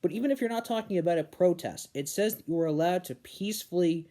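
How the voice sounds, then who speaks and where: A man's voice: high voice, warm tone. Earnest young man ranting about politics. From New Hampshire, USA. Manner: earnest, emphatic on key words, slows down to stress points. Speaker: political commentary vlogger. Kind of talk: casual opinion monologue.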